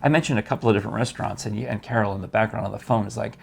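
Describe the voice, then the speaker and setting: A man's voice: fairly low pitch, fairly even intonation, racing, gravelly, breathy edge. A man hosting a casual talk show, telling stories in a chatty, enthusiastic way with many restarts. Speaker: host. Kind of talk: casual chat.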